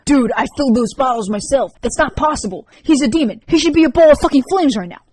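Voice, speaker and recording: A woman reading an audiobook, voicing a brash teenage boy who is excited, crude and loud. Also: high voice, quick pace, slight background noise, pitched above the performer's own voice. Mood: worked up.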